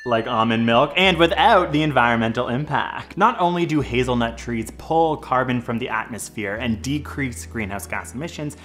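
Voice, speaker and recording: A man co-hosting a scripted science explainer, reading facts and dropping deadpan, silly quips. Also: mid-range voice, normal speed, few pauses, a little hiss or hum. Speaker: science video co-host.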